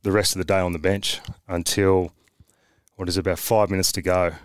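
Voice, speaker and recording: An Australian man with a fairly low voice tells lively, blunt stories from his playing days, mild swearing and all. The sound is dry and close, with no room around it. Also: fairly quick, dry recording. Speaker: podcast guest, former footballer. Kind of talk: casual storytelling chat.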